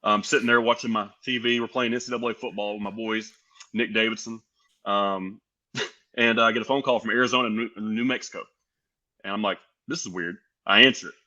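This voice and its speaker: A young man tells his story in a lively, animated way, acting out the voices of people he quotes. His voice sits low but carries a bright, forceful edge. The recording sounds a little dull and lo-fi, like a home podcast. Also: fairly quick. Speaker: podcast guest, pro wrestler. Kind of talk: casual storytelling.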